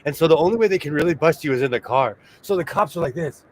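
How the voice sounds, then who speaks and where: A talkative man with a voice sitting a little high for a man chats casually as co-host. He laughs easily as he tells his stories, over a faint hiss of background noise. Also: lively intonation, fast, a little mellow. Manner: chatty, laughs often while telling stories. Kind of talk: casual chat.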